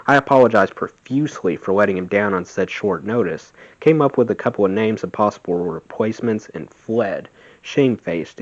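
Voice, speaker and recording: A man reading a memoir aloud in a steady, plain voice. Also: on the low side. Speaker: audiobook reader. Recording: dull lo-fi sound.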